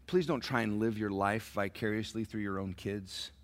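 A middle-aged man preaching a sermon to parents, swinging from soft, near-whispered lines to loud emphatic peaks and acting out dialogue as he tells stories. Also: on the low side, moderate pace. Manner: acts out quoted dialogue in a storytelling sermon. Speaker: pastor.

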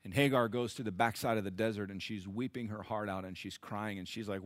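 A middle-aged man preaching a sermon to his church, rising to loud emphatic peaks and dropping to hushed, intimate asides. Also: lowish voice, steady tone, no room sound, studio quality. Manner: acts out biblical characters in quick voices. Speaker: pastor.

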